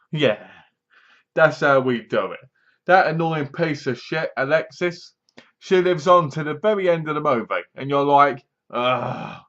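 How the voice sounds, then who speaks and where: A man's voice: fairly high pitch, animated, measured pace, a bit bright. Sarcastic man reviewing a horror film. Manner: sarcastic, mocking, acts out scenes. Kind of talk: casual spoken movie review. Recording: dull lo-fi sound.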